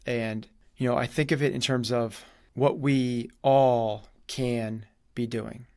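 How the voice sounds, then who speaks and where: A man's voice: mid-range voice, takes it slowly, no echo. Dry, close-miked male storyteller. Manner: animated storyteller, acts out quoted dialogue. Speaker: guest. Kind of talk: conversational storytelling.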